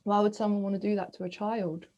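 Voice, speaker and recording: A woman, leading a gentle self-reflection talk as a spiritual coach, asking soft searching questions and pausing to sigh. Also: mid-range voice, level tone, low-quality recording. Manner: breathy sighs, slow reflective pauses.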